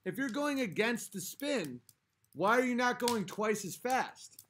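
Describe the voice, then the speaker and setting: A man's voice: very high-pitched, animated, measured pace, fairly bright tone, a little hiss or hum. A man hosting a livestream, arguing with his chat in a profane, exasperated rant, a little tipsy from a few drinks. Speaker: livestream host reading chat.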